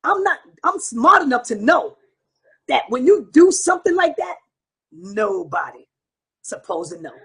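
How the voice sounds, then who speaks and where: A man's voice: very high-pitched, big pitch swings, measured pace, creaky, fairly bright tone, slightly rough. A man hosting an online show, delivering a heated, profane monologue straight to his viewers. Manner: profane, combative, preaching to viewers.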